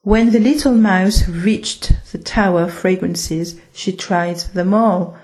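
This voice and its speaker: A woman narrating a children's story in a gentle, unhurried reading manner. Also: fairly low pitch, steady tone.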